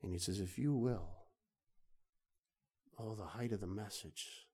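A man preaching a sermon, pleading, drawing out phrases slowly and dropping to soft, hushed passages. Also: lowish voice, slightly rough.

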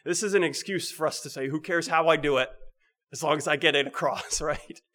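A man delivers a sermon in an easy, talky manner, his voice sitting a little high for a man. He repeats himself, poses rhetorical questions, and softens his voice when he stresses a point. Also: a little fast. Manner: conversational, rhetorical questions, frequent restarts; drops to a soft, low voice on key points. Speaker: preacher.

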